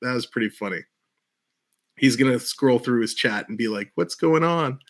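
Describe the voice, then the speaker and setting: A man's voice: medium pitch, steady tone, normal speed. A man hosting a livestream in casual chat, upbeat and laughing often. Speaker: livestream host.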